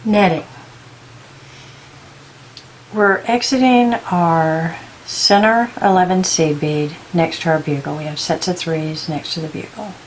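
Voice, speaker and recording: A woman giving a patient step-by-step beading tutorial, counting out beads slowly as she works. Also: lowish voice, slight background noise, rough recording. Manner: patient, counts beads aloud in slow steps. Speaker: beading instructor.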